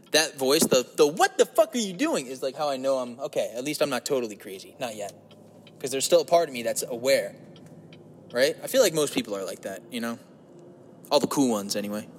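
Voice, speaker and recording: A man's voice: medium pitch, big-room sound, slight background noise. A man hosting his own show, talking alone from his parked car in a crude, profane, joking ramble. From New Jersey, United States. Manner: crude, profane, joking, swings into loud voices. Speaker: podcast host. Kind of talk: rambling solo monologue.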